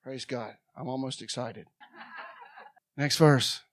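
A woman preaching a sermon with fervor, swinging between loud shouts and quiet asides. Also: very deep voice, fairly even intonation, takes it slowly, no room sound, clean studio sound.

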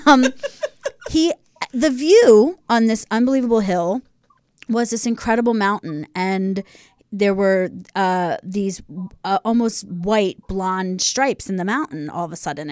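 A woman's voice: medium pitch, unhurried, a little mellow, dry recording, studio quality. A woman co-hosting a podcast, talking effusively and openly about her own experience in a casual interview. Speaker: podcast co-host.

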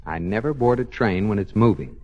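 An actor playing a good-natured young husband in a 1950s radio sitcom, dry and joking. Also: male voice, fairly low pitch, lively intonation, brisk, a little mellow, lightly acted. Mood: wry. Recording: muffled old radio broadcast with faint hiss.

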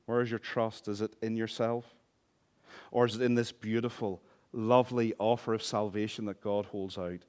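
A man preaching a sermon as pastor, passionate, swinging between hushed and loud, with humorous asides. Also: on the low side.

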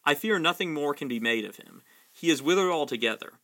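A grave old wizard speaks in a measured, patient way in a storybook reading, as a man puts him on. The tone is bright and clear, steady rather than showy, with a firm authority. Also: a little high. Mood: weary.

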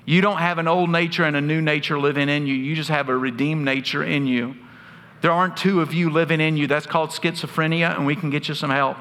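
A pastor delivers his sermon earnestly and drops in wry humor. His bright, somewhat high voice carries a forceful edge. A long hall reverb trails every phrase. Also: fairly even intonation, fast. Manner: earnest storytelling preacher with asides of humor.

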